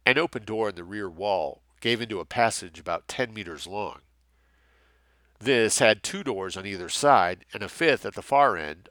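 A man narrating a thriller novel with a lot of lift and fall in his voice. His low voice has a bright edge. The recording is close and dry. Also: no echo. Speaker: audiobook narrator. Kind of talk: scripted narration.

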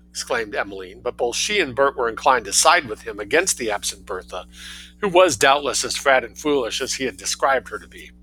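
Bright-voiced man reading a story aloud. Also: fairly low pitch, a little fast, slightly rough, poor audio. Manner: relaxed, lively reading with voices.

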